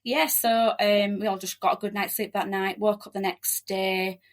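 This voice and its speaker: A quick-talking, chatty woman from Leeds in West Yorkshire, England, with a medium-pitched voice and flat delivery who laughs often. She's a relocation agent appearing as a podcast guest in a casual interview chat.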